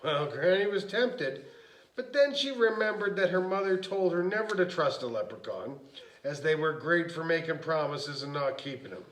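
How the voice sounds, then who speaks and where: A man's voice: fairly high pitch, expressive, normal speed, fairly bright tone, reverberant, poor audio. A man casually telling a bedtime story to kids, rambling with restarts and asides.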